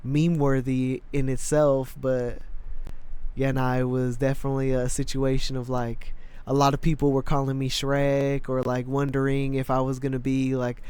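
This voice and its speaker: A man's voice: mid-range voice, monotone, normal speed, a little mellow, clear, resonant tone. A man co-hosting a podcast, chatting casually in a slangy, rambling way and acting out the voices in his stories. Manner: rambling storyteller, slangy, acts out quoted voices. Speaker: podcast co-host.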